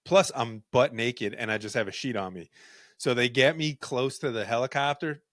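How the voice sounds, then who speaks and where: A young man hosting a podcast, telling a story in a casual, animated, profane, jokey way. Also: medium pitch, moderate pace, no room sound, studio quality. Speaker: podcast host.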